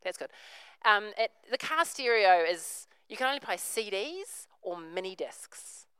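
A woman's voice: mid-range voice, sing-song, a little slow, fairly bright tone, clear, resonant tone, no room sound, poor audio. A woman, preaching a sermon, telling a story and acting out the characters' voices.

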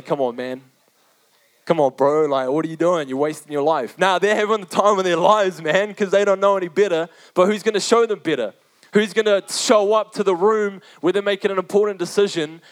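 A young man delivering a sermon in a loose, conversational way, full of slang and repeated phrases. His voice sits a little high for a man. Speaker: preacher.

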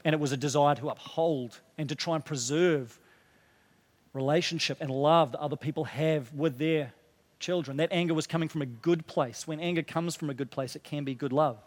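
A male pastor preaching with a fairly high, light voice. He is earnest, sinks to a low hush to drive points home and lifts again when fired up. Long reverb from the church hall trails each phrase. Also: brisk. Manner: earnest preaching, drops low and quiet for emphasis, rises when stirred. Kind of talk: sermon.

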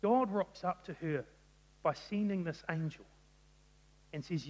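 A man preaching a sermon, telling the story in an animated way and acting out the quotes. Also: fairly high pitch, normal speed. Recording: long reverb of a large hall.

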